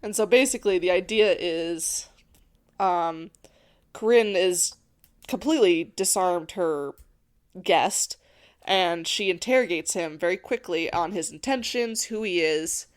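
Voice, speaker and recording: Chatty, animated woman podcast co-host. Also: fairly low pitch, unhurried, smooth. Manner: chatty and animated, many fillers like "like". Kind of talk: casual book-review chat.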